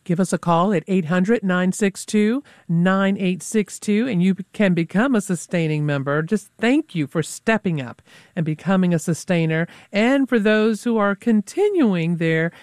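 A woman's voice: on the low side, measured pace, a little mellow, no echo, clean studio sound. A woman hosting a live public radio pledge drive in a friendly, chatty way.

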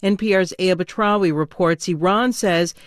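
A woman newscaster reading the news in a crisp, even delivery. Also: on the low side, normal speed, no echo, studio quality.

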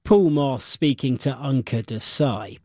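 A man presenting the news, reading a script in a crisp, formal way. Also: mid-range voice, a little slow, dark tone, dry recording, studio quality.

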